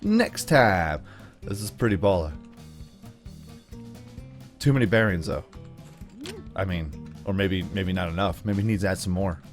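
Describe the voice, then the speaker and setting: A man's voice: low voice, measured pace, long pauses, faint music behind. A man giving loose, jokey let's play commentary as a gaming channel host, enthusiastic and rambling. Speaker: gaming YouTuber.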